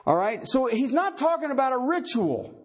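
A man's voice: extremely high pitch, big pitch swings, normal speed. A man preaching a sermon, emphatic, quizzing his listeners with rhetorical questions and tagging points with "okay" and "all right.". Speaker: pastor.

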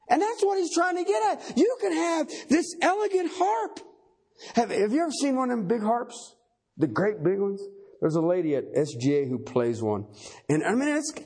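A man's voice: sits high, a little mellow, slightly rough. A man preaching a sermon, emphatic and folksy, repeating key phrases for effect.

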